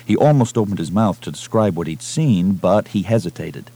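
Low-voiced man reading a novel aloud. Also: expressive, warm tone, slightly rough. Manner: measured, dramatic storytelling delivery. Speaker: audiobook narrator. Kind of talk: scripted narration.

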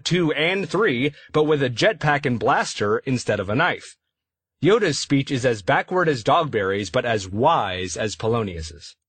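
A man reads his own afterword for an audiobook, bookish and playful in manner. His voice is husky and his pitch moves a lot. It is recorded close to the mic in a dry studio. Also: fairly bright tone, dry recording. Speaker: author reading his afterword.

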